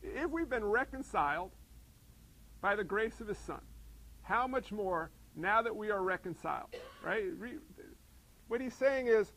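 A man's voice: sits high, expressive, unhurried, long pauses, a bit bright, low-quality recording. A man preaching a sermon in a conversational way, posing rhetorical questions and repeating phrases to a congregation. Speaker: pastor.

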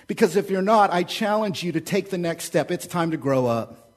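A male pastor delivers a sermon in a high, animated voice at a normal pace. He alternates between loud, urgent appeals and quiet asides, returning to key phrases like a refrain.

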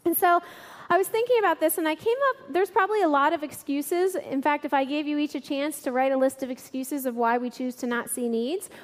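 High-voiced woman preaching in a hall. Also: a little fast. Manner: animated storyteller, laughing through funny bits. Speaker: church speaker. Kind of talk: sermon with storytelling. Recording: long reverb in a large hall.

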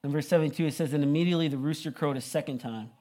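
A man's voice: fairly high pitch, rapid-fire, warm tone. A young man preaching a sermon, retelling the story in a casual, conversational way full of "like" and "you know". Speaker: pastor.

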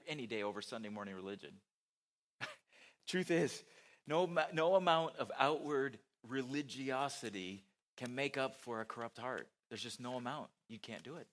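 A pastor giving a conversational sermon at a church, with self-deprecating asides and rhetorical questions to the congregation. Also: male voice, medium pitch, lively intonation, moderate pace, fairly bright tone.

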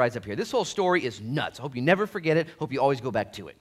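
A man preaching a sermon with casual slang, swinging between loud bursts and hushed, earnest stretches. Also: medium pitch, very animated, racing, hardly any pauses. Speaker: pastor.

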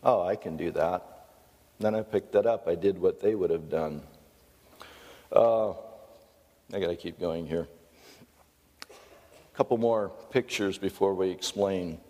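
A middle-aged American pastor giving a folksy, conversational sermon with storytelling asides. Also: male voice, sits low, a little slow, pauses often, warm tone, in a large hall.

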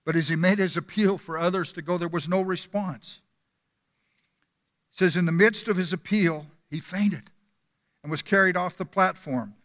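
Male preacher, high bright voice, earnest sermon storytelling, long church echo. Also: moderate pace. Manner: earnest storytelling, repeating words. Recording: long hall reverb.

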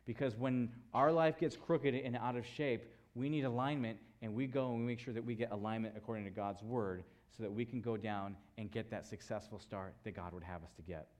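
A man's voice: lowish voice, fairly even intonation, fairly quick, few pauses, darkish tone. A man preaching a sermon, building emphasis through repeated phrases and rhetorical questions. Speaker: pastor.

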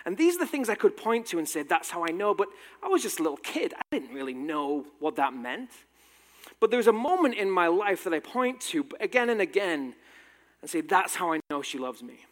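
A man in his thirties with a British accent tinged slightly American tells a personal story during a talk, full of wry, self-deprecating humor. His voice is high and very animated, a little fast, and the recording carries long hall reverb.

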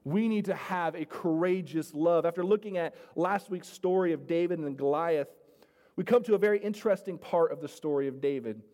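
Man, pastor, earnest sermon, high voice, repeats phrases, speaks to congregation, long hall reverb. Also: fairly quick, darkish tone. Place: church sanctuary.

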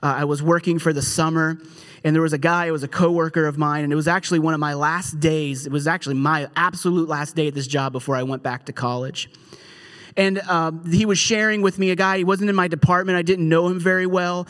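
A young adult man preaching a sermon in a conversational, storytelling way, with animated asides. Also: on the high side, a little fast. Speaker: pastor.

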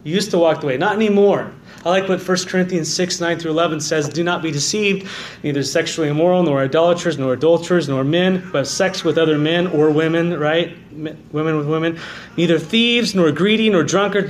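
A man preaching a sermon as pastor, dropping to quiet low stresses and rising to loud, fervent calls of "amen". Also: reverberant, a little hiss or hum. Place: church sanctuary.

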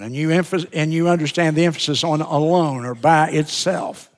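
A man preaching a sermon as pastor, slow and deliberate, leaning on repeated words for emphasis. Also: on the high side, fairly even intonation. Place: church sanctuary. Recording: long reverb of a church sanctuary.

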